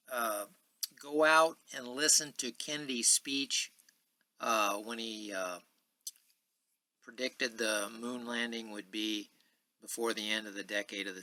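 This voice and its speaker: A man's voice: mid-range voice, bright, forceful tone, no echo. Rambling man in his sixties. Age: 60s. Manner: rambling, many filler pauses. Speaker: podcast host. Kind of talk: casual monologue.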